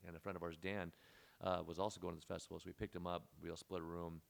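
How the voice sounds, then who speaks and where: A man's voice: low voice, level tone, fast talker, gravelly. A man hosting a podcast, telling a long story in a rambling, laid-back way with lots of fillers. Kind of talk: casual storytelling chat.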